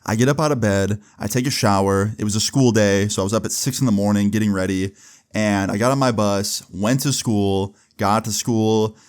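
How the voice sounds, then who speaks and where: A man's voice: fairly low pitch, moderate pace, smooth. A young man in his twenties casually narrating a storytime with lots of fillers and "right?" check-ins. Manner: relaxed, filler-heavy, keeps checking in with "right?". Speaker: YouTuber telling a story.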